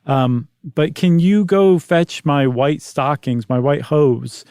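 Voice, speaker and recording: A man with a somewhat high voice who lays out the facts of a history story in relaxed podcast talk. He walks through events step by step with small asides. The recording is dry and close. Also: slow pace, smooth, no echo. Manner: explanatory, recaps facts with asides. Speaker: podcast co-host. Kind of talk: casual storytelling chat.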